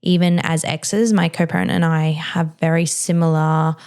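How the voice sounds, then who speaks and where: A woman's voice: low-pitched, flat delivery, moderate pace, darkish tone, smooth. A woman hosting a podcast, a mother answering listener questions in a frank, chatty way, with plenty of "like" and "you know". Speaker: podcast host. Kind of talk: casual advice chat.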